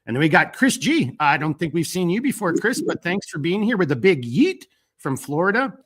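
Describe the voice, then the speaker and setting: A man hosting a live stream, chatting casually and rambling through fillers while reading out viewer shout-outs. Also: on the high side, sing-song, fairly quick, slightly rough. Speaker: host of a live stream talk show.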